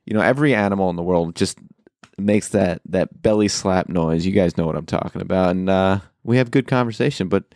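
A man's voice: low-pitched, a little fast, a little mellow, dry recording, clean studio sound. A man co-hosting a casual gaming podcast, playful and joking as he runs through the lineup. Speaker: podcast co-host. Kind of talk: casual chat.

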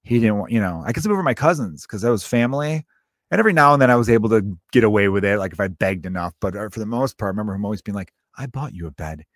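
A man in his thirties with a lowish voice tells stories in a loose, rambling way. He swears freely and cuts himself off mid-thought. The sound is close and dry, with no room echo. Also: animated, very fast. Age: 30s. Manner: rambling, profane, self-interrupting. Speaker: podcast host. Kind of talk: casual storytelling monologue.

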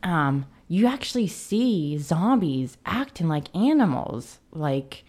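A woman's voice: sits low, big pitch swings, slow, darkish tone. A woman co-hosting a casual film podcast, hesitant, with many fillers and restarts, often reading quotes aloud. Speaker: podcast co-host.

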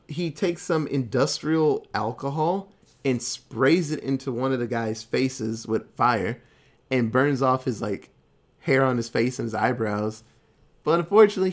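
Guy recapping a movie, super casual, lots of "like" and cussing, normal mid voice. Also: mid-range voice. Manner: loose, animated retelling with many fillers and swearing.

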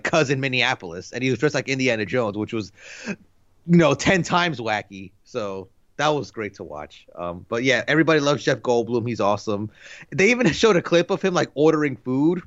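A man's voice: mid-range voice, a bit bright, dry recording, highs cut off. A man in his thirties co-hosting a podcast, chatting casually in a rambling, laid-back way full of fillers. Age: 30s. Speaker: podcast co-host. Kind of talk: casual chat.

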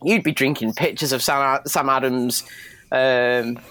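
A man's voice: mid-range voice, fairly even intonation, unhurried, pushed and bright, no room sound. A man guesting on a podcast, chatting casually in a rambling way with frequent tag questions. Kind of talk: casual chat.

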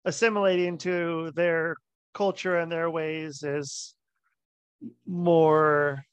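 A man hosts a podcast, talking very slowly and haltingly as he gropes for words, in a slightly high voice. The sound is dry and close, with a dull lo-fi quality. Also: flat delivery, clean tone, dry recording. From United States. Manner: halting, searching for words, many fillers. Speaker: podcast host. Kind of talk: casual interview conversation.

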